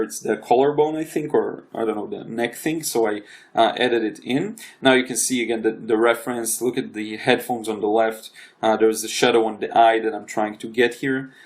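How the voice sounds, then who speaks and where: Halting man narrating a painting lesson. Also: mid-range voice. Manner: halting, restarts and stutters often. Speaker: watercolor artist and channel host. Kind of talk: casual voice-over narration of a painting session.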